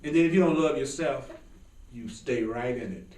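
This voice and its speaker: A man teaching a small spiritual class in an informal, animated way, often laughing and joking. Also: medium pitch, moderate pace, roomy sound, distant mic, slight background noise, rough recording. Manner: animated, laughing, jokey asides.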